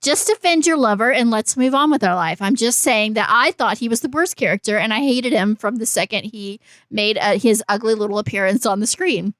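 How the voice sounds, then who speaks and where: Swearing animated lady on a podcast, kinda high voice, dry close sound. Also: fairly quick, hardly any pauses, no echo. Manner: animated, profane, teasing, argumentative. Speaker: podcast co-host. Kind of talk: casual chat.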